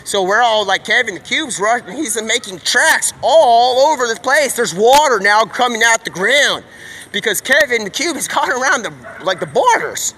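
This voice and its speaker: High, bright-voiced excitable streamer man. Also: normal speed. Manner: excitable, slangy, jumps between topics. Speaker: live streamer. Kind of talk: rambling stream-of-consciousness monologue.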